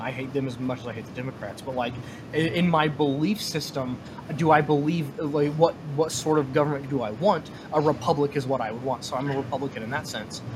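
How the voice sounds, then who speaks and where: A man co-hosting a casual podcast discussion, talking in a halting way with many fillers and restarts. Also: fairly high pitch, background noise. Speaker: podcast co-host.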